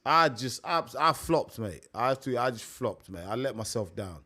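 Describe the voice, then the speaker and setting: A man's voice: mid-range voice, animated, normal speed, pushed and bright. A young man hosting a live stream, chatting casually and repeating himself, calling his listeners mate. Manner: chatty, repetitive, peppers talk with "mate".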